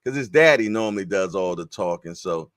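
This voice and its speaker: A man's voice: deep voice, lively intonation, a little fast, fairly bright tone, dry recording, studio quality. A man hosting a casual live-stream boxing show, talking in laid-back slangy banter. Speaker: boxing news show host.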